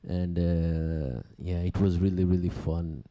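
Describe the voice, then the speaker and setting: A man hosting a music radio and podcast show, chatting casually between tracks in a halting way, with plenty of fillers and restarts. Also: low voice, fairly even intonation, warm tone. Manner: halting, loose talk with many fillers and restarts.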